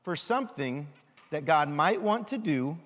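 A man giving a children's sermon, lively and full of questions for the kids. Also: fairly high pitch, unhurried, long reverb tail. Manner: animated, asks children questions.

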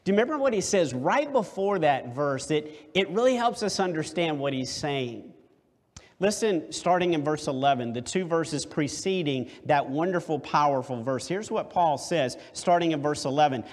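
A man preaching a sermon, deliberate and emphatic, with rhetorical questions. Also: on the high side, animated. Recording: long hall reverb.

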